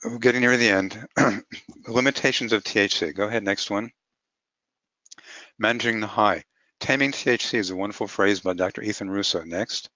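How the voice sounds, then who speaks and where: Doctor guy walking through patient cases, bright forceful voice, kinda lo-fi dry audio. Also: on the low side, moderate pace, no room sound. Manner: plain-spoken, talks through clinical cases step by step. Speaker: physician presenter. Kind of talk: webinar lecture on cannabis medicine. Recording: muffled lo-fi webinar audio.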